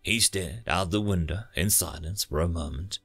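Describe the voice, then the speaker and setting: Gravelly man narrating a sci-fi story. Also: deep voice, a bit bright, faint music behind. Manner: dramatic storytelling with filler pauses. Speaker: audiobook narrator. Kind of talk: scripted narration.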